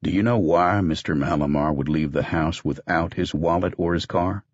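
A man voicing a stern, weary small-town sheriff who questions in terse, measured lines. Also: sits low, fairly even intonation, dry recording, dull audio.

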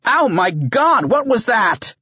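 A raging, foul-mouthed older woman lashes out in shrill, raised cries, as a male narrator puts her on. The sound is dull and dry. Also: animated, a little slow, husky, dry recording. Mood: outraged. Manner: shrill, indignant outbursts.

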